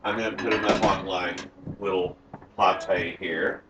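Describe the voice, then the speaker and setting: A man's voice: low-pitched, fairly even intonation, a little slow, reverberant, dull audio, background noise. A man playing a sassy, campy woman home cook who hosts a comic cooking show from a home kitchen and teases the audience as she goes. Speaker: cooking show host character.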